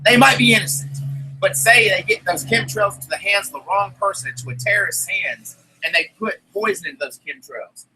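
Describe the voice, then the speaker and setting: A man's voice: high-pitched, a little fast, few pauses, pushed and bright, faint music behind, rough recording. A man, talking casually as a podcast host. He rambles emphatically and often restarts his sentences. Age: 30s. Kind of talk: casual chat.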